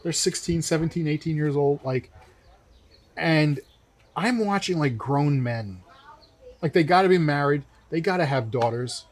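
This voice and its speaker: A young man in casual conversation, telling a story with energy. His voice sits a bit high, and he acts out the lines of the people he quotes. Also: a little slow. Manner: animated storyteller acting out quotes. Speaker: co-host. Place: winery.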